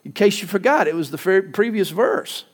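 A man's voice: sits high, lively intonation, normal speed. A male pastor preaching a sermon, emphatic, telling stories and acting out quoted lines. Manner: emphatic, storytelling with acted quotes.

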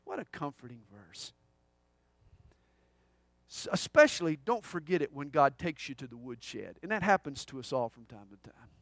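A middle-aged man delivers a sermon in a notably high voice. The sound is dry and close, with no room around it. He swings between loud declaration and hushed, intimate asides. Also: dry recording. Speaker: pastor.

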